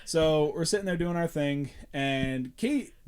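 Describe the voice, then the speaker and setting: A man's voice: on the high side, a little slow, a little mellow, smooth. A man hosting a podcast, telling a rambling story in casual chat and laughing often. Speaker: podcast host.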